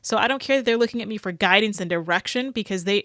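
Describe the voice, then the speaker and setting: A woman's voice: mid-range voice, fast, fairly bright tone, dry recording, studio quality. A woman dog trainer giving rambling, opinionated reaction commentary full of hedges.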